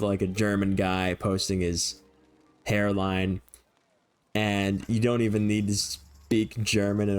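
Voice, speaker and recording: Low-voiced young man chatting over a game. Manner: rambling, jokey, laughs easily. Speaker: streamer. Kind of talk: casual gameplay commentary.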